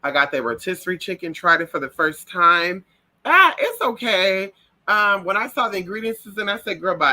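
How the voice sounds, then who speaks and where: A man chats with his viewers in a sassy, profane gossip style. His voice sits a little high and comes out bright and sharp. His pitch jumps around lively as he acts out every moment of the story. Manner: does shrill high voices for birds and people in stories. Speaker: livestream host. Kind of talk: casual gossip chat.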